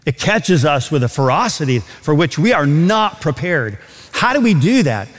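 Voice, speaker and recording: A man's voice: fairly high pitch, very animated, normal speed, big-room sound. A man preaching a sermon, emphatic, with rhetorical questions and repeated words. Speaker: pastor.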